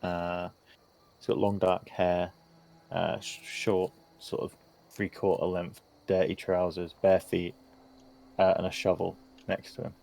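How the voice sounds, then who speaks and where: Gravelly low-voiced man running the game. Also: unhurried. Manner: relaxed, hesitant with many ums. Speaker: game master. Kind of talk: narrating a tabletop game.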